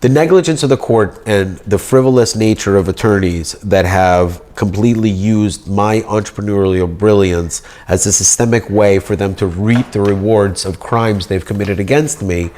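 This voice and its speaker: A man's voice: fairly low pitch, moderate pace, hardly any pauses, darkish tone. A man in a rambling monologue, making grandiose claims as if pleading his case to a judge. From United States.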